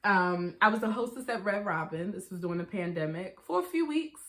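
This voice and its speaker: A young woman vlogger chatting casually through a storytime, acting out what people said to her in quick quoted voices. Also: medium pitch, lively intonation, a bit bright.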